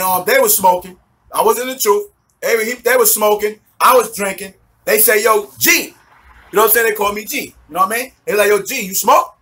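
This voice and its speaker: New guy in his 40s, high bright voice, street slang testimony, laughs a lot. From New York City. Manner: swears a lot, street slang, keeps asking if you follow; laughs often while telling the story. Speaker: minister giving a testimony. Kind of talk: animated storytelling testimony.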